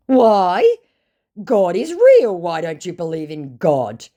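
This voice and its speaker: A woman voicing a fawning male romance scammer who speaks slow, broken English. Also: on the low side, huge pitch swings, mellow, voice pushed up, exaggerated voice. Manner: slow, syrupy, clumsy grammar.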